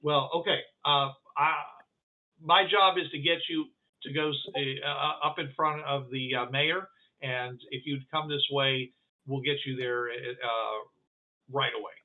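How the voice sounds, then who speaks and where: A man playing an apologetic, reassuring military captain who talks haltingly with many filler sounds. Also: mid-range voice, fairly even intonation, natural voice. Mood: brisk. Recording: thin phone-like line.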